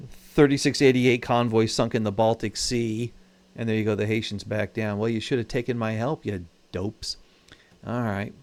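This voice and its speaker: A man's voice: medium pitch, a little mellow. A man hosting his own channel, giving casual, wry commentary while he plays a strategy game and thinks aloud about his moves. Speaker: gaming channel host.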